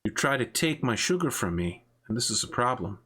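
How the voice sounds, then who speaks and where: A man voicing an older male crime boss and father who speaks with cold, menacing calm. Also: medium pitch, brisk, breathy edge, exaggerated voice. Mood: coldly menacing.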